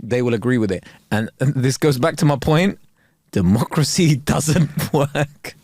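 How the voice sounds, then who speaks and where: A man's voice: medium pitch, lively intonation, a little slow, darkish tone, breathy edge, dry recording. A man co-hosting a comedy podcast, chatting casually in swearing, slangy banter. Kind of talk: casual chat.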